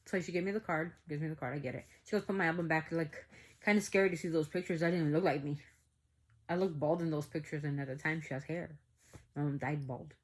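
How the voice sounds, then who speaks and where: A woman vlogger casually telling a personal story to her viewers, animated and full of "like" fillers. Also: low voice, fast. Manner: animated, acts out quoted dialogue, many "like" fillers.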